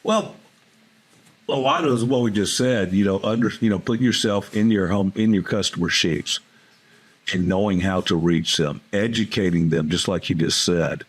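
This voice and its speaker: Husky low-voiced man, plainspoken business coach. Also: normal speed. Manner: plainspoken, folksy, tells stories from coaching calls. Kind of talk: casual interview talk.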